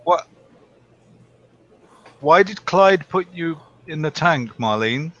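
A man's voice: on the high side, lively intonation, slow, pushed and bright. A man playing a tabletop game who takes charge and gives directions to the group. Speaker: player. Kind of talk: in-character tabletop play. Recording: dull lo-fi recording.

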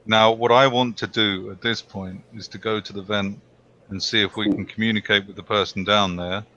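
A man's voice: fairly low pitch, steady tone, normal speed, sharp tone, a little hiss or hum. A man playing a tabletop game who takes charge and gives directions to the group. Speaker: player. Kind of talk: in-character tabletop play. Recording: dull lo-fi recording.

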